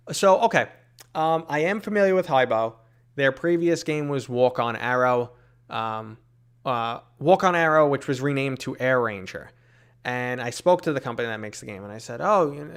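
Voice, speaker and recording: New York man, smooth, rambling chat. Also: mid-range voice, a bit bright. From New York City. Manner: rambling, many fillers, reads chat aloud. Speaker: streamer answering live chat. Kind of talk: casual live Q&A.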